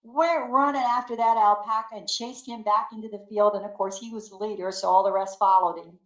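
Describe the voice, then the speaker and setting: An older woman, a great-grandmother, telling lively stories in a casual interview, acting out the quotes and laughing often. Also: mid-range voice, a little fast, echoey room, muffled recording. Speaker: guest.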